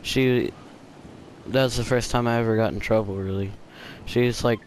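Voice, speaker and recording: A gaming channel host with a mid-range voice tells a casual storytime at normal speed, his tone steady. There's a little hiss or hum, and his talk rambles with many fillers and restarts.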